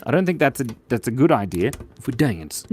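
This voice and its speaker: A man's voice: medium pitch, big pitch swings, a little fast, a little mellow. A man hosting a live drawing stream, chatting playfully with viewers and reading out their comments. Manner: playful, chatty, reads out viewer comments, often drops to a mumble while drawing. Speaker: livestream drawing host.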